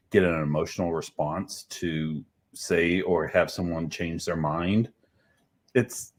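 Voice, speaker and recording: A man co-hosting a casual live stream, speaking in a measured, reflective way. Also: deep voice.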